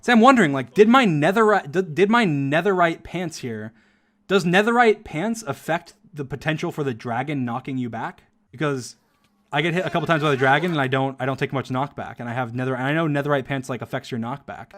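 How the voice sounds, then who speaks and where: A man casually commentating over his own gameplay footage, rambling fast with lots of fillers and frequent laughs. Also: a little high, fairly bright tone.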